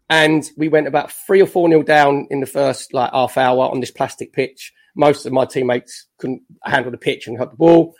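A man in his fifties, a former footballer, telling lively anecdotes as a podcast guest with self-mocking jokes. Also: on the high side.

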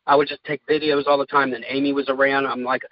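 Halting, heartfelt man, muffled audio. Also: mid-range voice, flat delivery, no echo. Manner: halting, heartfelt, many fillers. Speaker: guest, caregiver. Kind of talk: candid interview talk.

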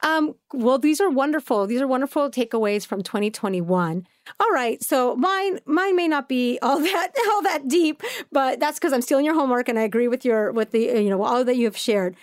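A woman with a high voice, chatting casually as a podcast co-host. She tells stories with animation and laughs often, and her voice sounds dry and close. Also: lively intonation, normal speed, no room sound. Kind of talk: casual chat.

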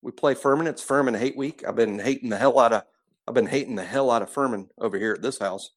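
A man's voice: medium pitch, quick pace. A man, co-hosting a casual sports talk show, talking emphatically and repeating himself. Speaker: co-host.

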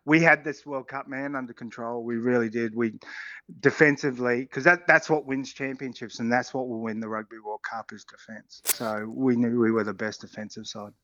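A middle-aged Australian man, a former rugby player co-hosting a sports radio show, talking in an excited, rambling way and laughing often. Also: mid-range voice, normal speed, dry recording, dull audio. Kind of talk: casual sports radio chat.

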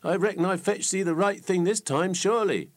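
Storybook fool, young and simple, weepy and pleading, pitched well up, read by a male narrator. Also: brisk. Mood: plaintive. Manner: sobbing, pleading, rustic dialect speech. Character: grieving simple-minded young man, weepy, bewildered.

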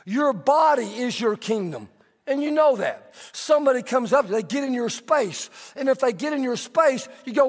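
A man in middle age preaches with a strikingly high-pitched voice, moving between teaching and lively storytelling. His words ring out with a long echo in a large church hall. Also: moderate pace. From Texas. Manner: animated storytelling, conversational preaching. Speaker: pastor. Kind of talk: sermon.

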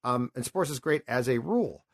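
A man's voice: medium pitch, lively intonation, normal speed. A man in his fifties hosting a sports talk show, telling stories in an impassioned, rambling and emotional way. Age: 50s. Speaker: sports radio host.

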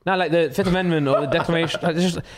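A man's voice: a little high, steady tone, rapid-fire, a crowd in the background. A man hosting a podcast in casual chat, rambling and self-mocking. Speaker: podcast host.

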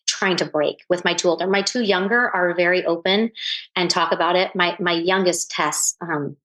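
A woman in her forties speaking as an interview guest, earnest and reflective, pausing often with fillers and restarts. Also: fairly low pitch, fairly bright tone, low-quality recording. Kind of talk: candid conversational interview.

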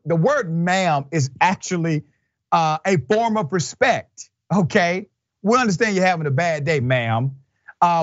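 A man hosting a news commentary show, talking in an animated, emphatic and wry way. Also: a little high, dry recording, dull audio. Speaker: show host. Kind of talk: casual commentary.

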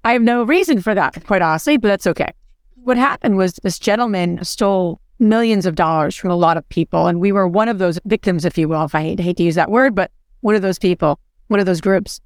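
A woman's voice: mid-range voice, brisk, no echo. Woman cohosting a motivational podcast, earnest and encouraging, dry sound. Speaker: podcast co-host.

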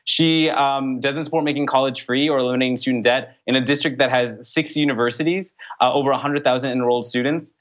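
A young man answering interview questions as a political candidate, in an earnest, brisk way with frequent fillers. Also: mid-range voice, fairly even intonation, fairly bright tone. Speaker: congressional candidate. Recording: dull lo-fi sound.

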